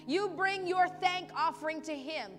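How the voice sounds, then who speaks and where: High-voiced woman preaching over music. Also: measured pace, big-room sound. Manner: animated, acts out pleading voices, laughs often. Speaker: pastor. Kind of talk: sermon. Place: church service.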